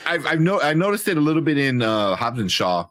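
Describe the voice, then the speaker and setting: A joking man in a casual live movie review chat, his mid-pitched voice bouncing through quick opinions. The sound is dry and close. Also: big pitch swings, fairly bright tone, dry recording. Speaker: podcast co-host.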